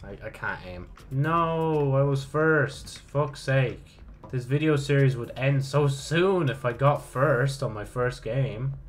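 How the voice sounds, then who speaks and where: A man's voice: medium pitch, takes it slowly. A young man giving casual, swearing gameplay commentary, mocking himself and breaking into frustrated outbursts. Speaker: gaming YouTuber.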